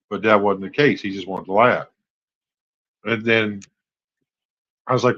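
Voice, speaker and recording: A husky-voiced man in his forties talks candidly on a late-night live stream, rambling and growing exasperated as he goes. His voice sits on the low side and is somewhat breathy and rough. The audio is dull and lo-fi, like a basic stream mic. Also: steady tone, unhurried, long pauses, fairly bright tone. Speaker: host.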